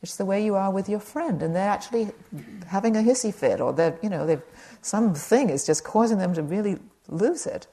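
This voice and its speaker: At a retreat, a woman meditation teacher gives a gentle, conversational dharma talk with light humor to a live audience. Her mid-range voice is animated and brisk, with few pauses.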